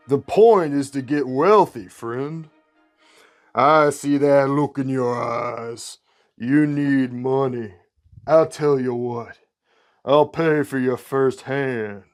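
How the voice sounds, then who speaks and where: A man's voice: medium pitch, fairly even intonation, soft background music. A man putting on a drawling catfish boss. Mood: forceful. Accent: Mississippi Southern drawl. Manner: slow, smooth, coaxing menace. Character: large sly male catfish crime boss.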